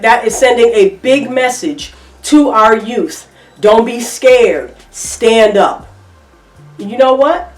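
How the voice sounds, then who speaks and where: An echoey room and a distant, off-mic placement frame this middle-aged woman's reaction vlog, where she gives emphatic commentary with features, repeating her opinions. Her pitch is on the high side.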